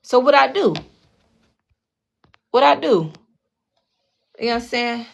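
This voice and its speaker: A woman's voice: on the high side, slow pace, vocal fry, highs cut off. Blunt, foul-mouthed woman telling a story. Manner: blunt, heavily profane, keeps checking in with listeners; animated, acts out the other people in her story. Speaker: tarot channel host telling a personal story. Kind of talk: casual storytime monologue.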